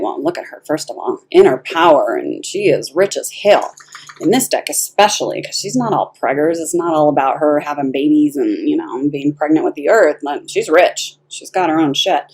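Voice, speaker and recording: A woman giving a casual tarot reading, animated and blunt, swearing freely and laughing often. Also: low voice, moderate pace, husky. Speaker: tarot reader.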